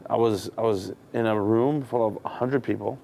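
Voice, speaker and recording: A man's voice: on the low side, normal speed, a little hiss or hum. A man, a touring comedian, telling candid, profane stories in casual chat as a podcast guest. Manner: candid, profane, animated storytelling. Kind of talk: casual storytelling.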